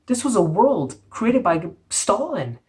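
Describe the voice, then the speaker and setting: A woman's voice: medium pitch, big pitch swings, slow, darkish tone. A woman from Canada, delivering a profane, exasperated, blunt rant on her vlog. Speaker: vlogger. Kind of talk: ranting commentary vlog.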